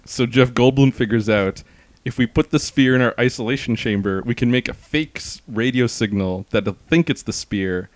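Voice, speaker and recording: Animated man recapping a movie plot. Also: medium pitch, moderate pace, dry recording. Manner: animated storyteller, laughs often. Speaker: podcast co-host. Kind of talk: casual movie-review chat.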